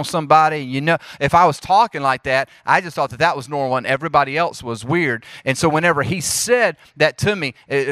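A man in his thirties with a Southern US accent, giving a lively, preacherly leadership talk to a youth group and speaking straight to the audience. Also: a little high, no echo, studio quality. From Jackson, Mississippi.

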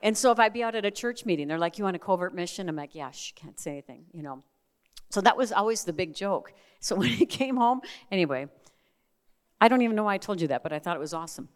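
A middle-aged woman preaching a sermon, telling family stories in a lively way and acting out the voices she quotes. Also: mid-range voice, fast talker, clear, resonant tone. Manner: animated storyteller, acts out quoted voices.

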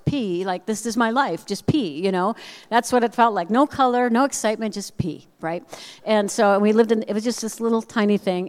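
A woman speaker giving a personal storytelling message with animated, self-deprecating humor, acting out the voices of people in her story. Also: mid-range voice. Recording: long reverb of a large hall.

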